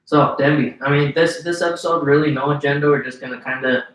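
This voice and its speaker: A man's voice: fairly high pitch, fairly even intonation, fast talker, a bit bright, recorded from a distance. A man hosting a casual podcast, laid-back and chummy, fighting off the hiccups. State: has the hiccups. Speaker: podcast host. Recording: roomy echoey home studio.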